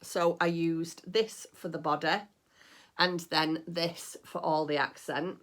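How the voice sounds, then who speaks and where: Middle-aged woman, low voice, chatty home crafting vlog, rambles and gushes. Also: steady tone, slow pace, fairly bright tone. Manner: chatty, rambling, gushing with delight. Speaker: crafting vlogger. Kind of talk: casual chat.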